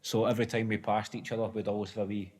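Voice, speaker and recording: A man's voice: fairly low pitch, level tone, very fast, darkish tone. A Scottish man chatting as a comedian guest, trading laughing, sweary banter. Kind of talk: casual comedic chat. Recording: noisy recording.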